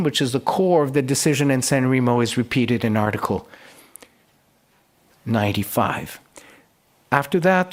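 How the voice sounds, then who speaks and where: Man lecturing, slightly high voice. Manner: storytelling, recounting historical debates and quoting speakers in lively voices; frequent fillers and restarts. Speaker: conference lecturer. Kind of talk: lecture at a conference.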